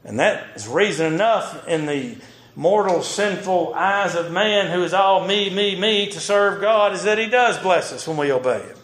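Male preacher, slightly high voice, sermon mixing scripture reading with commentary. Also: animated, moderate pace, fairly bright tone. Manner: reads old scripture aloud and stops to comment on it. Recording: roomy echo.

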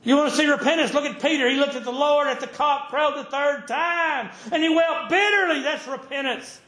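A man preaching a sermon with fervent delivery, his voice swinging widely between high and low and between loud and soft. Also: fairly quick, echoey room.

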